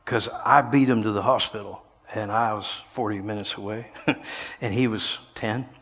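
Older guy preaching, goes quiet then shouts, big echoey hall. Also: fairly low pitch, fairly even intonation, moderate pace, slightly rough. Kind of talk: sermon. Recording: long hall reverb.

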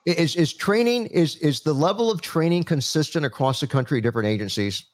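Halting, friendly talk-show host man. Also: a little high, animated. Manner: friendly, halting, repeats words. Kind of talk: hosting a live panel chat.

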